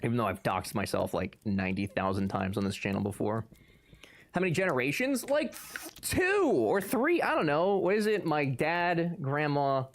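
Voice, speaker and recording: A young man streams and banters with his chat in a loose, joking way. His pitch leaps up and down as he gets playfully worked up, though his voice usually sits at an ordinary middle height. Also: expressive, moderate pace, slight background noise. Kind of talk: casual chat reading live chat.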